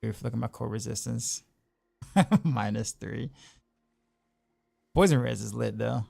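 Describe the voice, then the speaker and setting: A man streaming a game chats through his choices, repeating words and trailing off easily. His mid-pitched voice has a heavy gravel to it, recorded dry and close. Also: unhurried, warm tone, no room sound. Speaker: game streamer and music teacher. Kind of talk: casual gameplay commentary.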